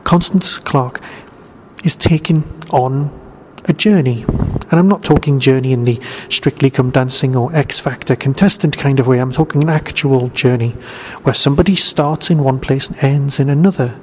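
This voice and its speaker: A man with a mid-range, somewhat dark voice hosts a podcast at a moderate pace, delivering a chatty spoken review in which he poses questions and answers them himself. The room is reverberant, with a faint noise underneath.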